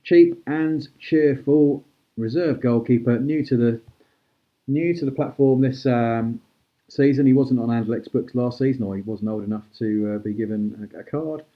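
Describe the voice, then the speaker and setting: Brisk man calling out an auction. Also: mid-range voice, highs cut off. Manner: brisk, chatty auctioneer calling prices and thanking bidders. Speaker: host auctioning cards. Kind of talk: live-stream auction patter.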